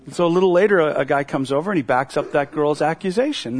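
A man's voice: fairly high pitch, fast, hardly any pauses. A middle-aged male pastor preaching a sermon in a conversational, storytelling manner. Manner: conversational storytelling with acted-out quotes.

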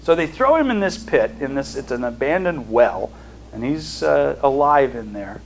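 A man teaching a Bible study in a conversational way. He reads scripture aloud and pauses to explain it, with fillers and restarts. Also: mid-range voice, very animated, creaky, a little hiss or hum, poor audio. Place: seated, studying notes.

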